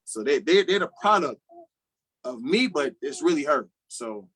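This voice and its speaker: A man's voice: on the high side, animated, moderate pace, fairly bright tone, breathy edge. A man with a Chicago accent, a guest father on a podcast, talking earnestly with many repeated words. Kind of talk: casual podcast interview.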